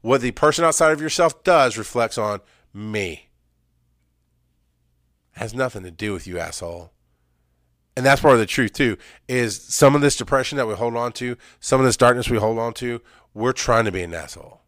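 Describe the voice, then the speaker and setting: A middle-aged man speaking in a blunt, emphatic way, his delivery swinging from loud outbursts to low, hushed stretches. His voice sits at an ordinary pitch for a man. The sound is close and dry, with no room echo. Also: normal speed. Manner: raw, emphatic storytelling, swings between loud and quiet. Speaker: speaker sharing his experience. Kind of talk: personal story and advice.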